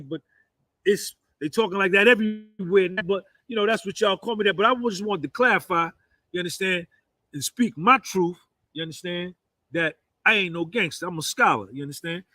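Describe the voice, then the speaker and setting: A New Jersey man in his 50s, voice sitting high, speaks a little fast in a pushed, bright tone with no room sound. His boastful monologue rambles and keeps circling back on itself as he repeats "you understand."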